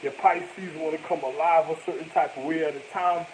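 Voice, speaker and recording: A man's voice: fairly high pitch, steady tone, a little fast, slight background noise, poor audio. A man in a rambling, profane monologue that jumps from topic to topic.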